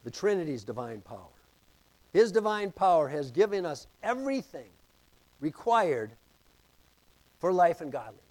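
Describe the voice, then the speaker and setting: A pastor preaching a sermon, reading scripture and repeating key phrases with emphasis. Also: male voice, fairly high pitch, sing-song, normal speed, long pauses, darkish tone, low-quality recording.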